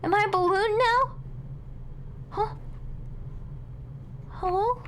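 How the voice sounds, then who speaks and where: A young woman streaming a game live, excitable and dramatic, reacting out loud and swearing freely. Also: extremely high pitch, slow pace, long pauses, noisy background. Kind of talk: live gameplay commentary.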